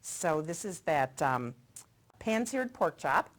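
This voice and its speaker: Her voice low and sing-song, this middle-aged TV host talks slowly as she samples dishes on a local cooking segment. Her chat is casual, friendly, and promotional.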